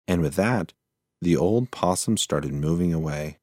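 A man narrating a children's storybook in a slow, measured reading. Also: low-pitched, a little mellow, husky, no echo, studio quality.

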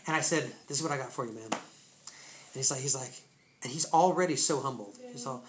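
Male preacher, casual slangy storytelling, sudden excited bursts, echoey church room, faint background noise. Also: medium pitch, fast. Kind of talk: testimony sermon.

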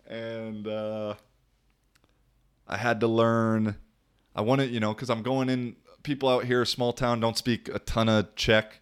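A man's voice: mid-range voice, little pitch movement, unhurried, smooth. A young man talking casually in a loose, slangy way, laughing often as he tells stories about living abroad. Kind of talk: casual vlog monologue.

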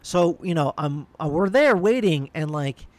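A man's voice: fairly high pitch, lively intonation, measured pace, no room sound. A man telling a casual anecdote, rambling along with many restarts and fillers.

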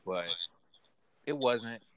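A man's voice: mid-range voice, animated, extremely slow, crowd noise. A man co-hosting a casual recap podcast, talking animatedly, laughing often and quoting characters in a raised voice. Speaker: podcast co-host. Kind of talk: casual anime recap chat.

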